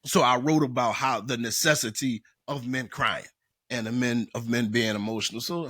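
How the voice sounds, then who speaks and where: A man talking as a guest in a casual conversation, animated and quick to laugh. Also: medium pitch, no room sound, clean studio sound. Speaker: coach and guest.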